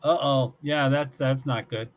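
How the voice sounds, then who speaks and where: A man's voice: mid-range voice, fairly even intonation, a little slow. A man from Kentucky hosting a casual livestream from his small apartment, reading chat messages aloud, rambling, repeating words and chuckling often. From Louisville, Kentucky. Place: small one-bedroom apartment.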